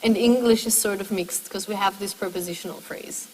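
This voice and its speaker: A woman's voice: mid-range voice, steady tone, fairly quick, in a large hall, slight background noise, rough recording. A woman lecturing a university class, explaining step by step and putting questions to her students.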